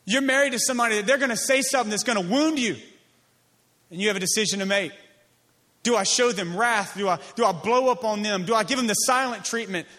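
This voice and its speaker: A man, a pastor, preaching a sermon in an emphatic, repetitive cadence, dropping to a soft, slow voice on key lines. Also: high voice.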